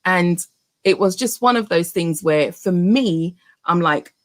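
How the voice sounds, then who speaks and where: A woman in her thirties telling a personal story to her viewers, animated, with many fillers and restarts. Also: fairly low pitch, takes it slowly.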